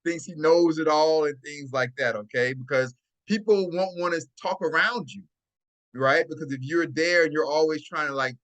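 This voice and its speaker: A bright-voiced man, pitched a little high, chats loosely into his phone while hosting a laid-back live stream on dating tips. "Right?" comes up again and again, and frequent chuckles punctuate his talk.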